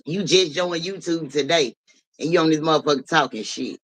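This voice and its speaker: A man hosting a livestream, answering viewers in a blunt, profane, animated way. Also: on the high side, fairly quick, low-quality recording. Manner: blunt, profane, animated, talks back to chat. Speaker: livestream host. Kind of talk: casual livestream chat with viewers.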